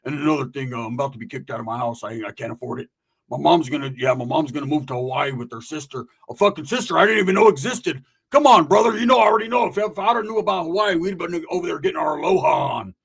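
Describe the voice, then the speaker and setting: Brief: man doing a broke, whiny pal, gravelly and hurried. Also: medium pitch. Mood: indignant. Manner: whiny, keeps calling the listener brother.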